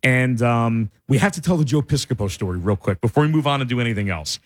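This radio co-host speaks quickly in a mid-range male voice, trading casual stories with his partner in the studio. Animated and jokey, he laughs often as he tells them.

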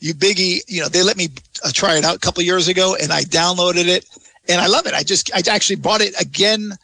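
A man's voice: high voice, quick pace, vocal fry, pushed and bright. A man chatting in an interview about travel, rambling and enthusiastic with lots of restarts. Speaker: travel blogger guest. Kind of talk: casual interview chat.

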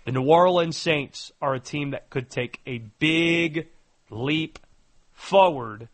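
A man hosting a sports talk radio show, punchy and lively. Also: on the high side, slow pace.

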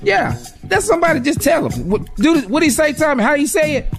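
A woman's voice: high-pitched, sing-song, a little fast, music in the background. A woman co-hosting a radio advice show, joking and teasing with a laugh in her voice. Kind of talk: casual comedic advice chat.

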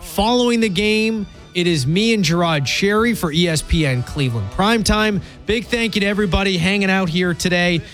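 A man hosting a sports talk radio show, talking in animated, exasperated banter with his co-hosts. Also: high-pitched, a little fast, soft background music.

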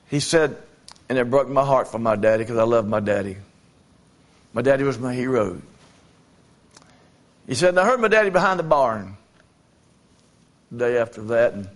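A man preaching as an evangelist, telling folksy stories with halting fillers and repeated phrases. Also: medium pitch. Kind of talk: sermon.

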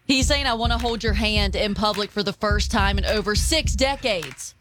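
Female radio co-host, chatty entertainment gossip, music bed clearly under her voice. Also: medium pitch, moderate pace. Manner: chatty, laughs often, reads out news items. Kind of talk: casual entertainment chat.

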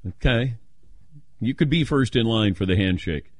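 A man's voice: fairly low pitch, normal speed, pauses often, dry recording, studio quality. An older man hosting a talk radio show, chatting casually and telling stories with playful quoted voices. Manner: animated storytelling, playful voices when quoting.

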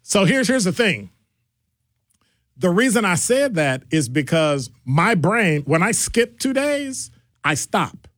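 A middle-aged man hosting a casual call-in radio show, talking in a digressive, animated way. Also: takes it slowly, no room sound, clean studio sound. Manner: animated, digressive, jumps between deep and high voices. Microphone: studio microphone.

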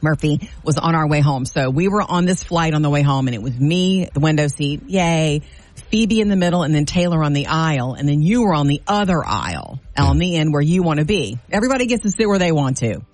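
A woman's voice: sits low, fairly quick, dry recording. A middle-aged woman co-hosting a morning radio show, telling stories with lots of laughter in casual banter. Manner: animated storytelling, laughs often.

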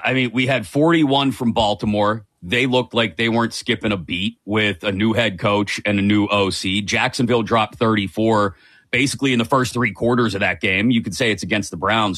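A man's voice: fairly low pitch, a bit bright, dry recording. A man co-hosting a casual sports show, running through game scores and stats. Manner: rattles off scores and stats conversationally. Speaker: co-host.

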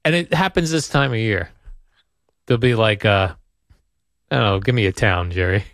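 A man co-hosting a radio show, joking and rambling in casual banter, his voice jumping up when he gets excited. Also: on the low side, moderate pace, no echo, clean studio sound. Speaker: radio co-host. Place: radio studio.

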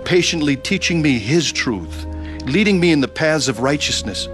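A man tells his own story in an earnest, gentle voice and acts out the conversations himself. His voice sits a little high for a man. Clear music plays behind him. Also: expressive, moderate pace. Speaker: narrator of personal testimony. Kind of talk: dramatized testimony narration.

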